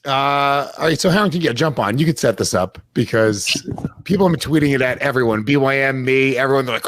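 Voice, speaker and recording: A man's voice: mid-range voice, brisk, fairly bright tone, no echo. A man co-hosting a casual talk show, teasing his co-host in a laid-back way. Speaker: podcast co-host. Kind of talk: casual chat.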